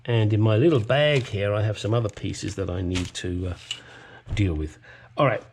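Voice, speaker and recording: A man's voice: fairly low pitch, normal speed, a little mellow, a little hiss or hum. A man demonstrating a hands-on repair at his workbench, rambling with cheeky self-deprecating asides. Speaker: home mechanic presenter.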